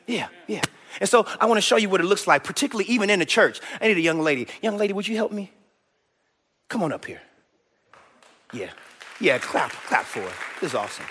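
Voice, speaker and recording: A man preaching a lively sermon to a church congregation, acting out taunts and calling up a volunteer. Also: on the high side, big-room sound. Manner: animated preaching, trash-talk impressions. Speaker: pastor. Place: church stage.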